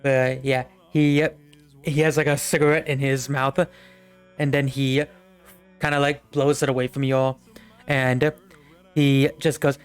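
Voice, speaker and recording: A man's voice: medium pitch, flat delivery, measured pace, pauses often, clear, resonant tone, faint music behind. A young man narrating a tabletop game as game master, rambling with many fillers.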